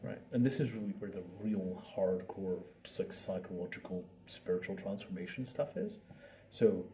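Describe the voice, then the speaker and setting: The voice is a man's, low and warm, moving at a normal pace. He's a meditation teacher giving a relaxed talk, playing out internal thoughts and using repeated words for emphasis, captured at a distance amid faint ambient noise.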